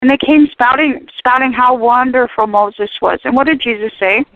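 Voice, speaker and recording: High-voiced woman, fervent radio guest, preachy and emphatic, dry tinny phone sound. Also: moderate pace, dry recording. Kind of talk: animated talk radio discussion.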